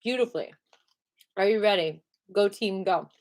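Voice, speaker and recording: Playful upbeat woman leading a qigong class. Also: medium pitch. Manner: upbeat and playful, breaks into squeals of excitement; slow, soft guided cues. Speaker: qigong teacher. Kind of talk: live-streamed class, casual and guided.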